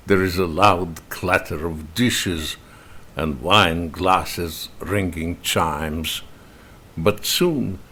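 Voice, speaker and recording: Man reading poetry real slow, russian first language, lowish voice, pauses between every phrase. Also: a bit bright. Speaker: reader and translator. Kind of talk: reading verse narration.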